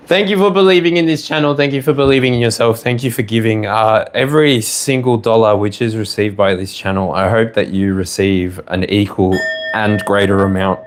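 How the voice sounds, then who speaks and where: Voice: medium pitch, fairly even intonation, brisk, few pauses, slight background noise. A tarot reader with an Australian accent who gushes with thanks, laughs often and talks while close to tears. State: near tears. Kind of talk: casual online tarot reading.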